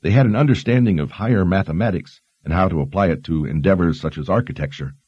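A man's voice: low voice, a little mellow, breathy edge, no room sound, highs cut off. Man voicing a learned young woman explaining history. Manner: measured, explanatory.

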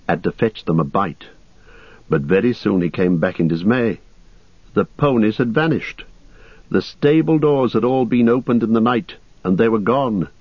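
A man reading an audiobook in a steady, measured storytelling voice, on a dull lo-fi recording. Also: fairly low pitch, dry recording. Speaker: audiobook narrator. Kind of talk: scripted narration.

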